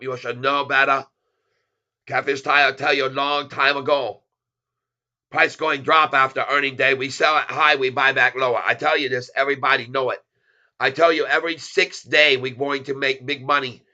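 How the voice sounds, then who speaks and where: A man hamming up a teasing character with a put-on foreign accent, talking in broken English with a bright, forceful edge. He jokes and lectures in short, clipped phrases. The audio is dull and lo-fi. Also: mid-range voice. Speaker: stock channel host.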